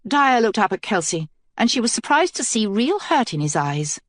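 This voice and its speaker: A woman narrating a fantasy audiobook in a measured, steady manner. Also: on the high side, no room sound, studio quality.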